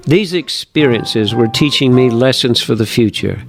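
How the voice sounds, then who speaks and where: A man reading a story from his own book aloud in an earnest, measured way. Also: mid-range voice, soft background music. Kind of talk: reading narration.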